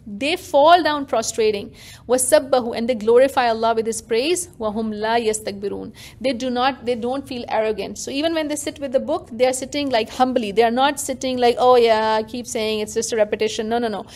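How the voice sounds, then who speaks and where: A woman teaching a religious lesson to a class, animated and interactive, often questioning her listeners directly. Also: fairly high pitch. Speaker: Quran teacher.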